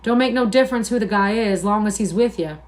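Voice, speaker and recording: In a novel reading, a woman portrays an embittered, lonely older ranch hand whose slow, drawling speech is persuasive and brooding, at times scornful, pitched in the middle range. Her tone is darkish and near her everyday voice.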